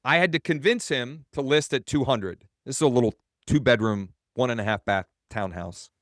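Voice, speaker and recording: A man's voice: medium pitch, moderate pace, a bit bright, dry recording, clean studio sound. A man coaching real estate agents in a webinar, telling a story in a casual, rambling way and correcting himself as he goes.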